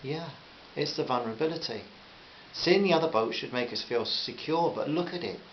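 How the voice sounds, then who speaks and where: A man reading a storybook and voicing a gentle, thoughtful young woman with a Liverpool accent. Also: mid-range voice, lively intonation, normal speed, pitched above the performer's own voice, close to an everyday voice. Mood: earnest. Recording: slightly dull with faint hiss.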